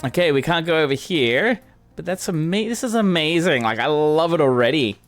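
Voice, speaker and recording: A man talks casually while playing a game, gushing in excited exclamations. His voice sits a bit high and swings widely in pitch. Soft game music plays in the background. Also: moderate pace. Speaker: gamer streamer. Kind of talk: casual gameplay commentary.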